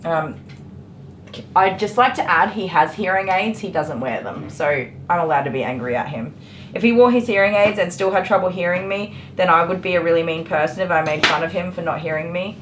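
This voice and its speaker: Working indoors at a grooming salon, a woman livestreams while grooming dogs, addressing viewers by name in a lowish, expressive voice. She talks a little fast over slight background noise.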